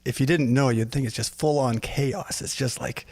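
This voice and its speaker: A man's voice: mid-range voice, fairly even intonation, moderate pace, a little mellow, dry recording. A man chatting casually as co-host, laid-back with short replies and rambling thoughts. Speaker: co-host, arena sound technician. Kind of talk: casual chat.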